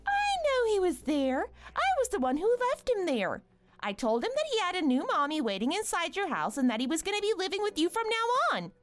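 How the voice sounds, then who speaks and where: A woman voicing a scheming, rude young mother, speaking in a mocking, condescending and bossy way over soft music. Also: very high-pitched, big pitch swings, fast talker, hardly any pauses, pitched above the performer's own voice, heavily acted. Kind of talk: animated story voice acting.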